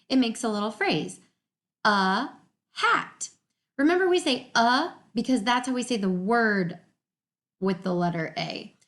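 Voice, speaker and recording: A woman, a teacher giving a remote reading lesson to young children from home on a laptop mic, enunciating each word slowly and clearly and sounding encouraging. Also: on the high side, a bit bright. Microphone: laptop computer mic.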